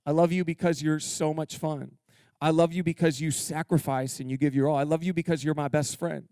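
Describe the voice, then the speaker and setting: A male pastor preaching a sermon in a church, energetic and humorous, drawing call-and-response from his congregation. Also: fairly high pitch, a little fast, clear, resonant tone, dry recording, clean studio sound. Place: church sanctuary.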